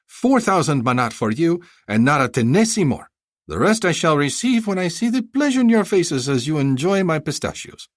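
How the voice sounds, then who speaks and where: A flattering, effusive bazaar vendor, voiced by a man narrating a thriller audiobook, pitched well above his own voice and swinging up and down as he haggles. The sound is close and dry. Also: moderate pace, dry recording. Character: fawning chatty male bazaar vendor.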